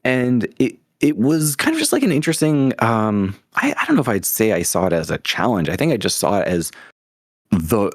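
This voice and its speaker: Young adult man, low voice, dry close sound; eager, rambling storyteller with lots of "um"s. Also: sing-song, normal speed, no room sound. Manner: enthusiastic, rambling, many fillers and restarts. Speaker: podcast guest. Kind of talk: casual interview storytelling.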